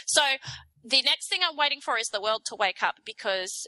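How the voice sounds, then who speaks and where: An Australian woman talks casually with a bright, ringing tone that sits a little high. She tells an animated story and slips into mock voices for the people in it. The sound is dry and close. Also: brisk, no echo, poor audio. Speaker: guest explaining local politics. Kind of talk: casual chat.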